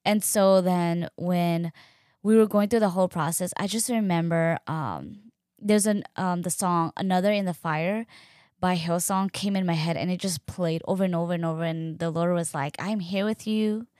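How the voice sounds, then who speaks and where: A young woman telling a personal story in a casual, animated way, acting out quoted dialogue and using lots of fillers. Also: on the low side, normal speed, no echo, studio quality. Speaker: podcast host.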